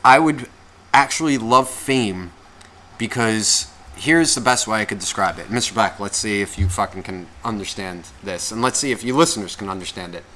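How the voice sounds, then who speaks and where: A man co-hosting a podcast, telling stories in casual, profane, animated chat. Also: on the low side, normal speed, slight background noise. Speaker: podcast co-host.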